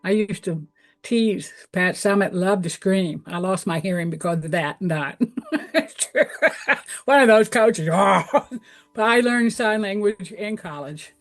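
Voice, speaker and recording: A woman's voice: mid-range voice, measured pace, soft background music. A middle-aged woman with a Southern US accent from Tennessee, a guest telling her story candidly with frequent fillers. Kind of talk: interview answers.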